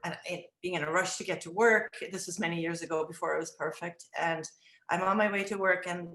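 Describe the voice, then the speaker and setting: A middle-aged woman in an interview, reflecting on teaching children in a thoughtful way, often restarting her sentences and acting out gentle phrases she would say to a child. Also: on the low side, steady tone, fairly quick. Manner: acts out gentle words to children. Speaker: early childhood education director. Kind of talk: interview answers. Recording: roomy echo.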